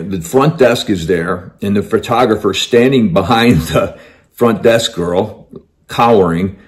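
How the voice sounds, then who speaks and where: A man telling a personal story in an emphatic, conversational way. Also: lowish voice.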